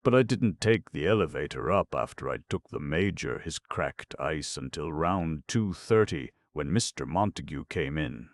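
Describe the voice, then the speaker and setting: A matter-of-fact young hall boy answers every question bluntly, read by a man in a very deep voice. The tone is gravelly and close, with no room around it. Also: expressive, moderate pace, hardly any pauses. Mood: plain. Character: young male hotel hall boy, plain-spoken.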